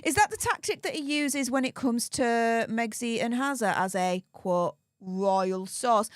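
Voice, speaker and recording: In clean studio sound with no room noise, a tired woman from the United Kingdom reads a book aloud on a live stream after hours of streaming. Her voice is a little high, unhurried, with few pauses, and her casual commentary is chatty with sarcastic asides.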